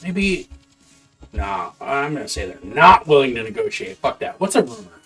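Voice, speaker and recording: A man's voice: medium pitch, sing-song, moderate pace, fairly bright tone. A man working as game master, thinking aloud as he preps a campaign on a live stream, muttering half-formed notes to himself and swearing casually. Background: faint background music.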